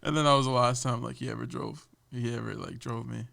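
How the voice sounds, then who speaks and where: A man casually telling a lively story from his first job on a podcast. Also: mid-range voice, quick pace, creaky. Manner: lively, animated, slips into voices of people he quotes.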